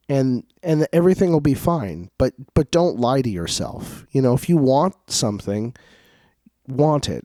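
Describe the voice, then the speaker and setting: A young adult man talking loosely on a podcast as co-host, drifting through anecdotes and putting on voices for the people he quotes. His voice sits at an ordinary pitch and sounds close and dry, with almost no room. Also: mellow, no room sound. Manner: rambling storyteller, acts out quotes. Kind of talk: casual podcast chat.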